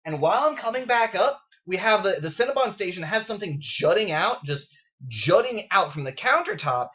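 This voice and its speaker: Animated sarcastic man telling a story. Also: high voice, normal speed, highs cut off. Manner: animated and sarcastic, swears freely. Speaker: gaming video creator. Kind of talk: unscripted casual storytelling. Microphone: built-in camera mic.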